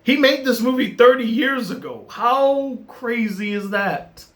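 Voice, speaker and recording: High-voiced man reviewing a film. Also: measured pace. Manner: animated, laughing, frequent restarts. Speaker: movie reviewer.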